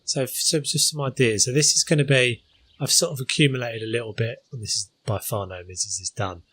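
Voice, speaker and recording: A man's voice: mid-range voice, fairly even intonation, a little fast, a bit bright, slightly rough. A man hosting a gaming channel, talking through his gameplay in a casual, hesitant way with many fillers.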